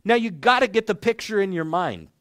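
High-voiced preacher teaching in a dry room. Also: male voice, no room sound. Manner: measured, clear teaching with lively inflection. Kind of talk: sermon.

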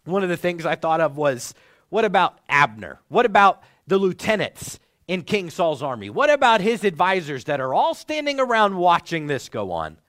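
A young man preaching a sermon, teaching the text in a measured, clear way with rising and falling inflection. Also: high voice, very animated, a bit bright, no room sound, studio quality.

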